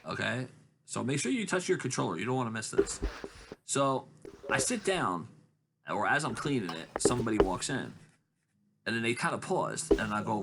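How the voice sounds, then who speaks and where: A man telling long rambling stories in casual chat, acting out other people's lines in high voices. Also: big pitch swings, fast talker, background noise. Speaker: podcast host.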